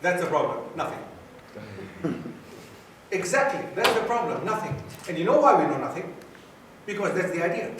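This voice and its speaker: A man's voice: sits high, sing-song, moderate pace, long pauses, far from the mic, noisy background. A man from Greece giving a lecture to students, quizzing the audience and repeating key phrases. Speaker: guest lecturer. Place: university lecture room. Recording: very echoey hall, taped from afar.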